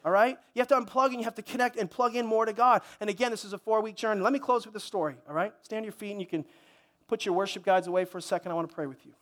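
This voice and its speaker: High-voiced male pastor, chatty sermon delivery, stumbles and restarts. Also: rapid-fire, a bit bright. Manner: conversational preaching with repeated words and restarts. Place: church service.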